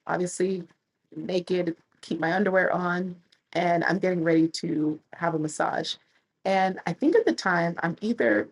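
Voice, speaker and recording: Husky, low-voiced woman telling stories. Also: rough recording. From United States. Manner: animated, chatty storyteller who laughs and acts out quotes. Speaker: travel content creator. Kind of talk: casual storytelling to camera.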